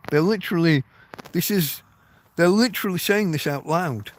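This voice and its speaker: A man's voice: a little high, moderate pace, slight background noise. A middle-aged man from England telling a personal story to camera in a rambling, emotional way, swearing often and restarting his sentences. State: tearing up. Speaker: vlogger. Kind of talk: casual storytelling monologue.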